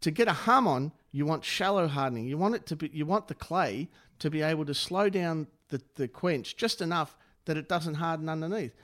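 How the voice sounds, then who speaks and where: A man's voice: a little high, a little fast, hardly any pauses, fairly bright tone. A man co-hosting a casual podcast, breaking down technical points step by step. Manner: explains technical detail step by step. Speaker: podcast co-host. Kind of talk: casual chat.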